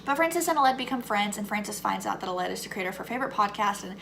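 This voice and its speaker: A woman's voice: mid-range voice, expressive, quick pace, vocal fry, fairly bright tone. A young woman with a faint Southern US accent, talking candidly through a casual book review vlog and turning heated when she rants. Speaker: book vlogger. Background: faint lawnmower noise.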